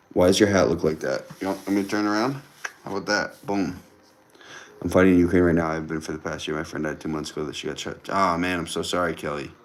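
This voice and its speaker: A young man hosts a casual livestream from home. He reads viewer comments aloud, banters with them and often repeats his phrases. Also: deep voice. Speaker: livestream host. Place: indoors at home with a TV on.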